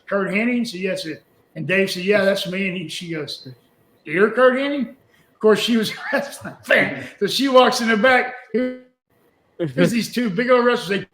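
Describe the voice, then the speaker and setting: A man's voice: high voice, fairly bright tone. An older man, a former wrestling booker, telling a rambling, folksy story with chuckles in an interview clip. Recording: echoey room.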